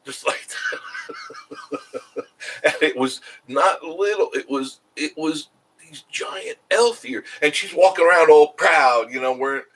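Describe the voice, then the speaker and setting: A man's voice: on the high side, slow pace, a bit bright, breathy edge, rough recording. A middle-aged man hosting a casual live stream, rambling and chuckling as he answers viewer comments.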